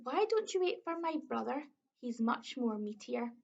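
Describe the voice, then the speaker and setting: A woman's voice: on the high side, sing-song, moderate pace, vocal fry, darkish tone, heavily acted. A woman with a Scottish accent voicing the smallest billy goat, timid and hungry, in a tiny pleading voice. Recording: dull lo-fi recording.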